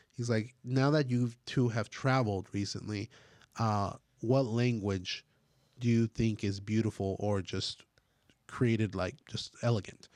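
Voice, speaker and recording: A man's voice: mid-range voice, a little mellow, dry recording. Man, podcast host, casual chat, rambling, dry close sound. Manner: rambling storyteller with fillers.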